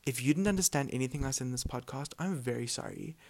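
A man's voice: medium pitch, fast, darkish tone. A young man hosting his own podcast, rambling in casual chat full of filler words and tending to mumble his words together. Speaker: podcast host.

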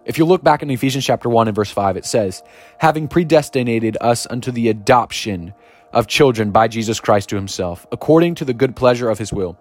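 Energetic man preaching over soft music. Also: mid-range voice. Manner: energetic, exclaims and reads verses slowly and emphatically. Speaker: podcast preacher. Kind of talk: podcast sermon with scripture reading.

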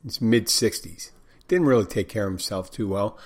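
A man's voice: lowish voice, expressive, normal speed, darkish tone. An older man, a bartender, telling a story in a rambling, frank way, full of restarts and blunt words. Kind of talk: casual storytelling monologue.

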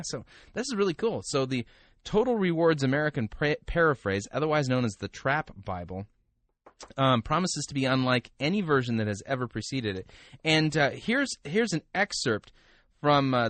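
A man's voice: medium pitch, animated, a little fast, a bit bright, no room sound. A man hosting a podcast, talking casually with wry, sarcastic asides and frequent restarts. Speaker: podcast host. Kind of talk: casual commentary and reading aloud.

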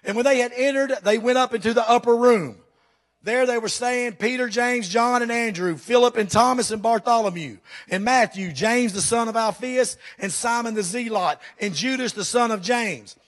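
A man preaches to his congregation, his voice pitched high for a man. He is fervent and emphatic and keeps putting questions straight to the church. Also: moderate pace. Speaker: pastor. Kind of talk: sermon.

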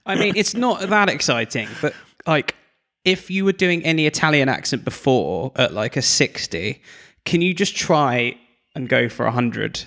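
A man's voice: medium pitch, big pitch swings, normal speed, a bit bright. A man co-hosting a podcast, chatting in a rambling, teasing way. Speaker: podcast co-host. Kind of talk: casual chat.

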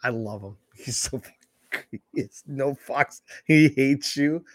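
A man's voice: mid-range voice, a little slow, no room sound, studio quality. A man co-hosting a podcast in casual chat, swearing freely and acting out the people in his stories. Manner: animated, profane, acts out quoted voices. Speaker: podcast co-host.

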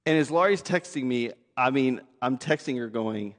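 Conversational pastor in a reverberant church. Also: male voice, medium pitch, animated, moderate pace. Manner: conversational, self-deprecating, repeats words when starting a thought. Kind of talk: sermon. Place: church sanctuary. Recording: long hall reverb.

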